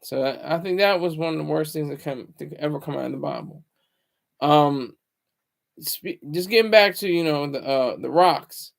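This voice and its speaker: Rambling high-voiced man. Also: animated, normal speed, creaky. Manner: rambling, full of "you know" fillers. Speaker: channel host. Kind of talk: rambling casual monologue.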